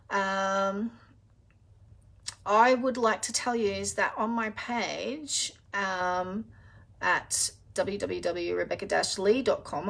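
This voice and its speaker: Chatty middle-aged woman, affectionate. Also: medium pitch. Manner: chatty and affectionate, calls viewers darling and honey, many ums. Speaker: spiritual reader hosting a live session. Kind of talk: casual live-stream chat.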